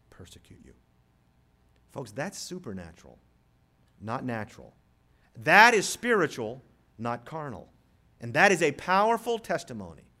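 A pastor delivers a sermon in a medium-pitched voice, moving from quiet storytelling into loud, rising appeals.

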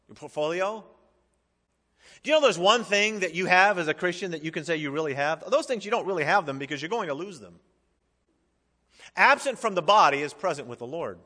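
A male pastor preaching a sermon to a congregation, swinging from emphatic declarations to hushed, drawn-out phrases. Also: sits high. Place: large hall with an audience. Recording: long hall reverb.

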